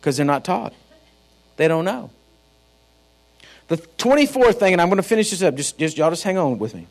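Texan male pastor, high and lively pitch, folksy sermon with emphatic climbs. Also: normal speed. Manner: preachy, folksy storytelling with rising emphatic outbursts.

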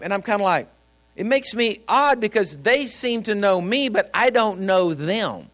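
A man's voice: high-pitched, lively intonation, unhurried, fairly bright tone. A man preaching a sermon as a pastor, folksy and storytelling, speaking directly to his congregation. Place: church.

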